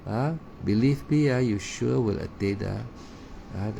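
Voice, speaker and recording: A man gives a meditation talk in halting, non-native English, filling his pauses with "ah" and "uh" and repeating words. His voice is mellow and relaxed. Faint noise sits under the recording. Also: on the low side, vocal fry. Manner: hesitant, frequent "ah" fillers and repeated words. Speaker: meditation teacher. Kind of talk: Dharma talk.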